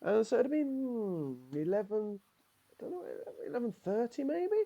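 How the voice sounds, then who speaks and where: A man's voice: high voice, big pitch swings, moderate pace, creaky, warm tone, lo-fi sound, exaggerated voice. A man voicing a proud, fussy middle-aged male Morris dancer who rambles on opinionatedly and says "aye," improvised in a role-play game. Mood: recalling.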